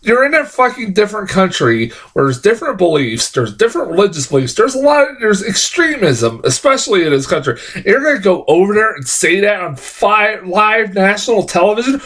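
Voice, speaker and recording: A man's voice: extremely high pitch, a bit bright. A man reviewing a film in a casual, exasperated rant, swearing freely and restarting sentences with lots of fillers.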